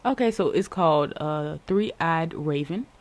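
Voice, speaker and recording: Excitable tarot reader, casual and chatty, talks right to the viewers, repeats words, laughs often, middle pitch. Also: measured pace. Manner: addresses viewers directly and warmly encourages them. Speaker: tarot reader and channel host.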